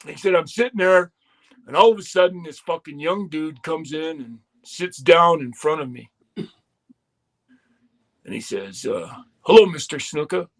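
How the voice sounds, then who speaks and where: Profane, animated storytelling man. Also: on the high side, unhurried, pauses often. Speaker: podcast storyteller. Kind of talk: casual storytelling on a wrestling podcast.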